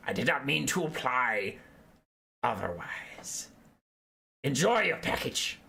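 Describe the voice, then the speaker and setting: A frantic, paranoid ratman warlord, as a man puts him on, shrieking high and snapping at everyone around him. He sounds constantly on edge, ready to scream. It's told like a game-story aside. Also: big pitch swings, takes it slowly, vocal fry, bright, forceful tone, full character voice. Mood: cringing.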